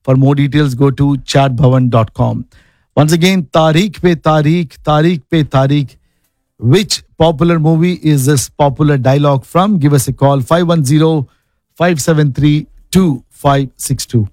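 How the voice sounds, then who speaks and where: Man, radio studio host, upbeat call-in manner, slightly high voice, dry close sound. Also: normal speed, darkish tone, dry recording. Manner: upbeat, repeats the call-in number. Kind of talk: radio call-in hosting and ad reads.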